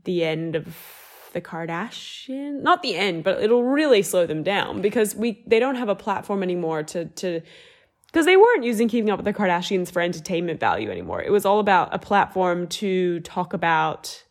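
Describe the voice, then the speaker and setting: Animated young woman co-host. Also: lowish voice, moderate pace. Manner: animated, opinionated, swears casually. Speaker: podcast co-host. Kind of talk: casual chat.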